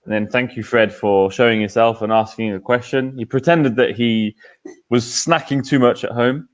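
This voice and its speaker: A man's voice: medium pitch, steady tone, normal speed. A man hosts a casual live show, ribbing his co-hosts and spinning anecdotes in a chatty way. His mid-range voice comes through dull, lo-fi call audio. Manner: teasing, chatty storyteller. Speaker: host.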